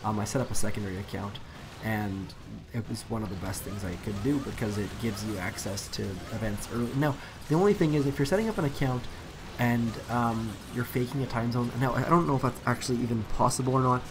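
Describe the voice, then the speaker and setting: A young man rambles loosely and easygoingly through casual commentary while playing a game on a live stream, full of ums and restarts. His medium-pitched voice has a gravelly edge and a fairly quick pace, with a clear layer of noise under the recording.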